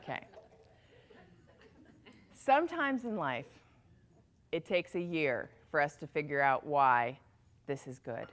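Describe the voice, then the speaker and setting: A woman telling a motivational story in an animated way, shifting her pace and volume for effect. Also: deep voice, slow pace, pauses often.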